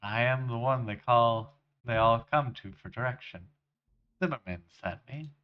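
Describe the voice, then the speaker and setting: A man voicing a nervous young woman who leads a gang, reading her lines haltingly in his own voice. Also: mid-range voice, smooth, muffled recording, close to an everyday voice. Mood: grieving.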